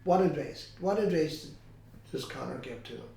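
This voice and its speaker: A man interviewing a guest, asking measured, encouraging questions. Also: on the high side, animated, vocal fry, mellow. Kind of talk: conversational interview. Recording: echoey room, heard from a distance.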